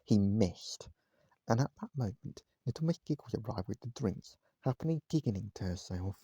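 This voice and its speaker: Husky man reading a storybook aloud. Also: lowish voice, animated, moderate pace, no room sound. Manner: gentle, addresses listeners directly. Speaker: vlogger reading a bedtime story. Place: at home, indoors, cat on his knee.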